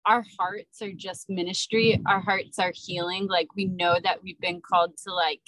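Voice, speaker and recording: A woman's voice: on the low side, little pitch movement, moderate pace, a bit bright, no echo, poor audio. A woman guest on a podcast, speaking casually and hesitantly with lots of fillers. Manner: hesitant, many likes and restarts. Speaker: guest, ministry business co-founder.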